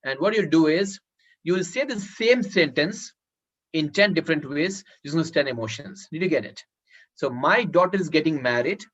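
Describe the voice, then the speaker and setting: A man's voice: a little high, expressive, normal speed, a bit bright. A man teaching public speaking in an online workshop, giving instructions and repeating words so people can note them. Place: online video call. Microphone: video call. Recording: dull lo-fi video call audio.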